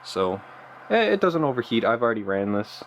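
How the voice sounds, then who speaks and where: A man's voice: mid-range voice, big pitch swings, fairly quick, slight background noise. A man vlogging casually about his hobby car, rambling and enthusiastic, with lots of ums and uhs. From Canada. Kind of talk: casual show-and-tell vlog.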